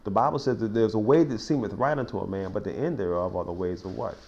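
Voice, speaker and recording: A man's voice: fairly low pitch, fast talker, gravelly, highs cut off. Folksy man teaching a Bible study. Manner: informal, folksy, builds to excited sports stories; frequent restarts and you-knows. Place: small cafe.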